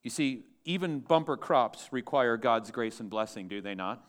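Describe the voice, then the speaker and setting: A man's voice: medium pitch, animated, normal speed. A man pastor preaching a sermon to his church, emphatic and asking the congregation questions.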